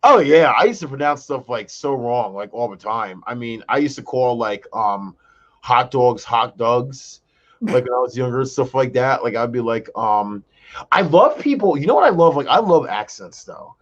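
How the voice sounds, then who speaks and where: A man co-hosting a casual podcast chat, an animated storyteller who acts out quotes in a high voice. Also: normal speed. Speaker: co-host. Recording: dull lo-fi sound.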